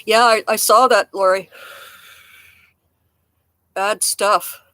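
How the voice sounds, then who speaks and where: A woman chatting casually to her live-stream viewers from outside in a damp garden. She rambles, pokes fun at herself and chuckles often, with the odd cough. Her voice sits at an ordinary middle pitch, close and dry. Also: steady tone, takes it slowly, bright, forceful tone, no room sound. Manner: rambling, frank, self-mocking, chuckles often. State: coughing now and then. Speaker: livestream host chatting with viewers.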